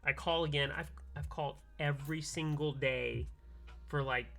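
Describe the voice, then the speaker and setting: A man with a bright, forceful voice that sits a little high, chatting casually on a live stream. He tells a story with animation, acting out each side of the calls. Soft music plays behind him. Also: moderate pace, vocal fry. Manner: animated storytelling, acts out both sides of calls. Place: home workbench, soldering keyboards.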